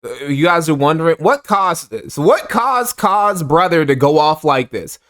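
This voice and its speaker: A man with a somewhat high voice doing casual stream commentary. He mocks what he watches, laughs often and strings his sentences with "like". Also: animated, unhurried, a bit bright. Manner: mocking, laughing, heavy use of "like". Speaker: streamer reacting to a video.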